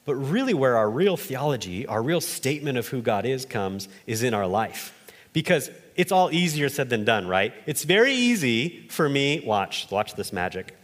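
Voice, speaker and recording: A man preaching a conversational sermon from a church stage, with animated delivery, quick jumps in pitch, and casual asides. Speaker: pastor. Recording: long hall reverb.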